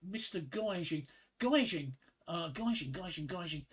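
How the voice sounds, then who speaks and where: A man telling jokes on a casual livestream, halting and repeating his words often. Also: fairly high pitch, animated, slightly rough.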